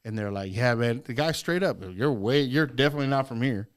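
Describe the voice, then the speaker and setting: A man's voice: mid-range voice, brisk. A man from Texas, chatting casually on a podcast and telling profane travel stories.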